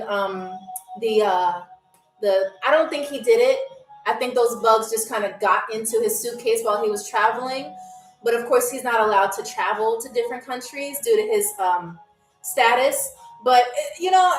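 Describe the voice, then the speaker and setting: A woman hosting a live-streamed game show, joking and reading viewer comments, often tagging lines with "okay?" and "all right". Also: fairly high pitch. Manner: playful, jokey, reads viewer comments aloud. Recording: roomy echo, faint music.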